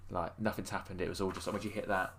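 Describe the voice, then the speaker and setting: A man's voice: low voice, little pitch movement, quick pace, fairly bright tone, slight background noise. A man co-hosting a podcast, telling long rambling stories in casual chat with many fillers. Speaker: podcast co-host.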